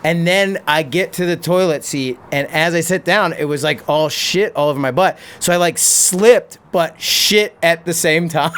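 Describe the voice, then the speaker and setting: A man's voice: high-pitched, moderate pace, hardly any pauses, fairly bright tone. A middle-aged man telling a crude story on a podcast, often laughing and restarting his sentences. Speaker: podcast guest, pro BMX rider and stuntman. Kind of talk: casual storytelling.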